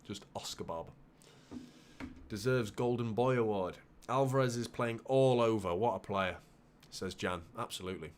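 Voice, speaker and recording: A man hosting a live football watchalong, calling the play with bursts of excitement and muttered asides. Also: fairly low pitch, normal speed, slight background noise. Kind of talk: live match commentary for a fan watchalong.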